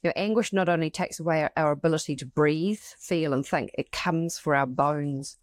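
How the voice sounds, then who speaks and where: A woman's voice: low-pitched, moderate pace, no room sound. A middle-aged woman co-hosting a heartfelt conversation, reading passages aloud and reflecting on her own experiences. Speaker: podcast co-host. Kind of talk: casual emotional conversation.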